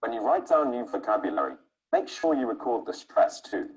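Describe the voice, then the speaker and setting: A man's voice: fairly low pitch, sing-song, brisk, low-quality recording. A man teaching English pronunciation, stretching out syllables to show the stress. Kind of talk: scripted lesson narration.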